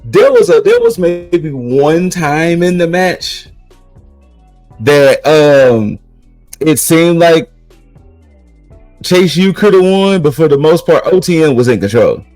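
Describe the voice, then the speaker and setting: A man's voice: a little high, sing-song, takes it slowly, long pauses, a little mellow, no echo, soft background music, rough recording. A man co-hosting a podcast, recapping in casual chat and rambling with repeated restarts. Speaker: podcast co-host recapping wrestling.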